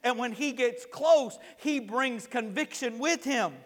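Male pastor, very high voice, casual preaching that builds to emphatic shouts, long church reverb. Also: unhurried. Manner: conversational preaching that swells to loud emphatic peaks. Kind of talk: sermon. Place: church sanctuary.

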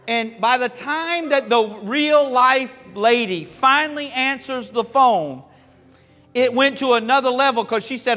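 A pastor from Florida and the American South preaching a sermon, telling stories in a folksy, humorous, animated way. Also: male voice, extremely high pitch, unhurried. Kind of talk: sermon with storytelling. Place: church sanctuary. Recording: long hall reverb with faint music.

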